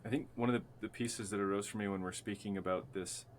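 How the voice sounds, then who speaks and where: Male guest, earnest reflective talk, flowing phrases, slightly low voice. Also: steady tone, fast, a little hiss or hum. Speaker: podcast guest. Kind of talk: reflective conversational chat.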